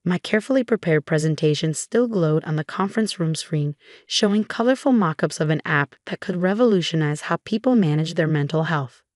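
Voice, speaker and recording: A woman with a fairly low voice tells a first-person story in a steady, measured way. The recording is dry and close, with no room sound. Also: no room sound. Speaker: narrator.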